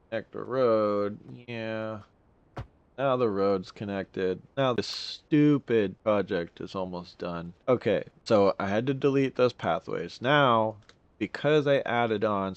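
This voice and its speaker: A man's voice: on the low side, clear, resonant tone, no echo, lo-fi sound. A young man giving casual gameplay commentary, rambling and complaining in exasperation as he plays.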